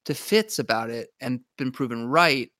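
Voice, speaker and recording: A man's voice: medium pitch, normal speed, bright, forceful tone, dry recording. A man with a mid-range voice talks through a TV show in a loose, rambling way, often restarting his sentences. The recording is dry, with no room sound. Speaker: podcast co-host. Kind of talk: casual chat about a TV show.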